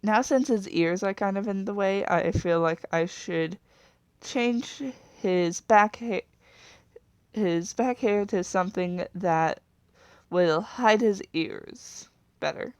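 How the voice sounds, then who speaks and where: A woman creating a video talks through designing a character in a smooth, medium-pitched voice at a slow pace. Chatty and sometimes apologetic, she rambles, corrects herself, and lets sentences trail off, all in a dry recording.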